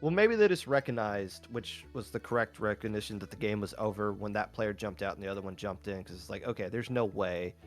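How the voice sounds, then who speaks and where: A man's voice: fairly low pitch, fast, few pauses, soft background music. A man casting a live tournament stream with easygoing, joking banter. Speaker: esports commentator.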